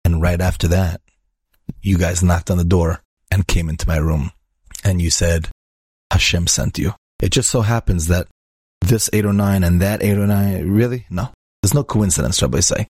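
Rabbi storyteller, male, deep husky voice, dry close sound, acts out the characters' lines. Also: normal speed, darkish tone, no room sound. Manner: peppers speech with Hebrew and Yiddish words. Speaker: rabbi and inspirational speaker. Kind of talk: storytelling talk.

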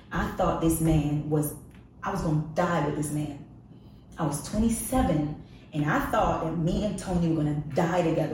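A woman's voice: fairly low pitch, a little mellow, distant mic, slight background noise. A woman guest on a podcast, candidly telling a personal story in a frank, confessional way with emphatic repetition. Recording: echoey room, voice off-mic.

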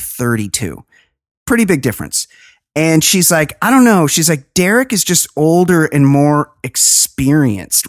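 This low-voiced woman hosts a chatty podcast where she gossips about a reality show, sarcastic and profane throughout. It's a dry recording with clean studio sound.

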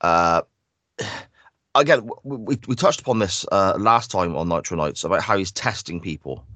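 A man's voice: sits low, expressive, normal speed, pushed and bright, no echo. A man co-hosting a podcast, chatting casually and enthusiastically as he breaks down a wrestling show. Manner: enthusiastic, analytical. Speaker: podcast co-host.

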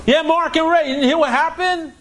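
A young friend, played by a male storyteller breaks terrible news over the phone in a hurried, somber voice. It sits high, with quick clipped phrases. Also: steady tone, a bit bright, slight background noise.

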